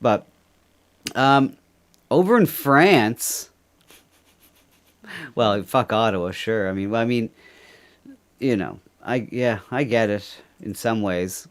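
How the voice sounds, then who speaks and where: A man's voice: on the low side, animated, slow, pauses often. A man from Canada co-hosting a podcast, rambling and joking through casual commentary and laughing often. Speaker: podcast co-host.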